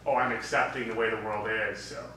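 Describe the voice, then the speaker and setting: A man's voice: lowish voice, fairly even intonation, fast talker, bright, forceful tone. A man interviewing, asking long, hesitant questions and thinking aloud. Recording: distant echoey recording with clear noise.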